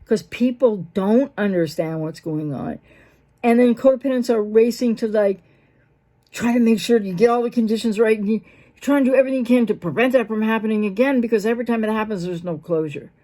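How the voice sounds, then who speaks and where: A woman who is a mental health professional, talking unscripted as a channel host, animated and rambling, with fillers and frequent self-interruptions. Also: fairly quick. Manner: animated, acts out quoted dialogue with big pitch jumps. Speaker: host of a breakup recovery channel. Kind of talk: unscripted talking-head explainer.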